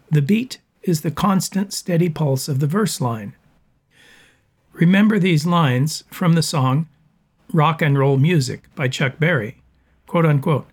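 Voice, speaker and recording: A man narrating a scripted lesson in a measured, explanatory way, with a husky voice. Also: fairly high pitch, darkish tone.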